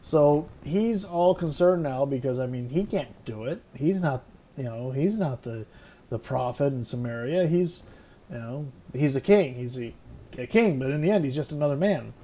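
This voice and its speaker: Bible-study host, male, mid-pitched, unpolished and thinking out loud between verses. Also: lively intonation, normal speed. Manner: reads scripture aloud, then muses with many fillers and restarts; admits unsure pronunciations. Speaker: podcast host. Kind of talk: casual Bible study talk.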